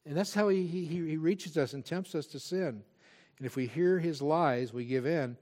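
A man's voice: fairly high pitch, a little slow, a little mellow. A male pastor preaching a sermon, earnest and emphatic, with frequent restarts.

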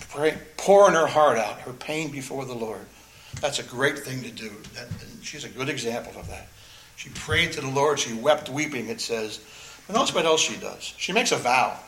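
Earnest preacher in an echoey room. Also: male voice, medium pitch, fairly bright tone, a little hiss or hum. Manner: earnest, emphatic, repeats phrases, pauses to stress words. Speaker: pastor. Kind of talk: expository sermon, reading and explaining scripture.

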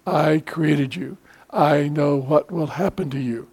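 Older male pastor, a touch high in pitch, preaching in an easy, halting style that swells into emphasis. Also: a little mellow, breathy edge. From United States. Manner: conversational preaching, frequent filler pauses, emphatic rises. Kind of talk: sermon.

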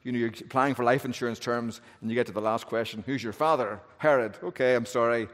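A man's voice: mid-range voice, steady tone, fast, a bit bright. Male preacher, medium voice, wry storytelling sermon, church hall echo. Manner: storytelling with wry humor and shifting emphasis. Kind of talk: expository sermon. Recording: long hall reverb.

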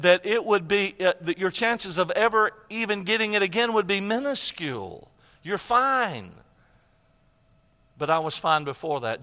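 Older male preacher, high bright voice, heartfelt storytelling sermon, long hall reverb. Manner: emotional storytelling, preaching with repeated phrases.

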